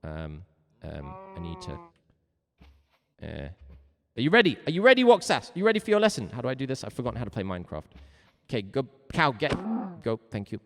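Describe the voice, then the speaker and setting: Wildly animated, theatrical man teacher. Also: medium pitch, fairly quick, in a large hall. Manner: theatrical, jokey and mock-stern. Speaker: music teacher. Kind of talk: playful livestreamed game lesson.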